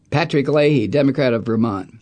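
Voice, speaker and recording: A man's voice: mid-range voice, a little mellow. A middle-aged man hosting a talk radio show, ranting about politics in an angry, profane, sarcastic way. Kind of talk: political rant.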